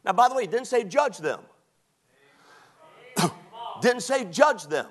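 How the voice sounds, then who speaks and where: Animated, high-pitched preaching man. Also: a little slow, long pauses. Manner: animated, mocking, preaching with quoted put-on voices. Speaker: pastor. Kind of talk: sermon.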